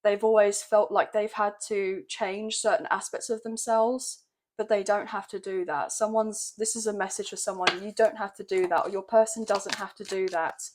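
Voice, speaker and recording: Doing a tarot reading at a moderate pace, this woman has a mid-range, steady voice that's a bit croaky. She's gentle, chatty and emotional, and keeps checking in with her viewers with "okay, guys".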